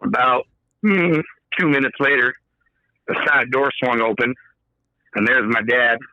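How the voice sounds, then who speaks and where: A man's voice: medium pitch, unhurried, no echo, muffled recording. A man, a podcast guest, telling a story in a casual, profane way and acting out the quoted dialogue. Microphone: podcast microphone.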